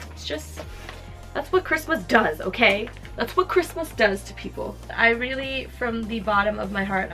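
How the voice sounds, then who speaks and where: A young woman in her twenties talks casually as she wraps gifts. She sounds heartfelt and chatty, with her sentences full of little fillers. Quiet music plays faintly underneath. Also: medium pitch. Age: 20s. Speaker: lifestyle vlogger. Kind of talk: casual chat while wrapping gifts.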